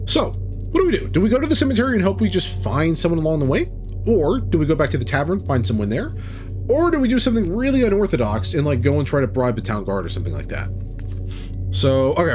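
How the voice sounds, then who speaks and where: A young man running and narrating a tabletop game, animated and often laughing. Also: fairly high pitch, fast, faint music behind. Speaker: game master and streamer.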